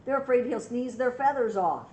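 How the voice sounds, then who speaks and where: An older woman reading a picture book aloud to children, pausing to ask them gentle questions. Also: fairly high pitch, animated, slight background noise, poor audio. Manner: gentle, asks young listeners questions.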